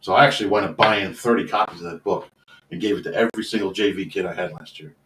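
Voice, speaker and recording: A man's voice: deep voice, fast talker, noisy background. A man who coaches youth football, telling a long story in a casual, earnest, rambling way and swearing now and then. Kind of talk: casual storytelling in a podcast interview. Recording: roomy sound from a distant mic.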